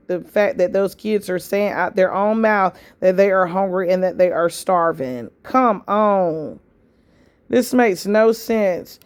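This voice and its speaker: Reaction host, woman, blunt and scolding, lecturing tone at medium pitch. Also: darkish tone. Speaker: reaction commentator. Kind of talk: scolding commentary.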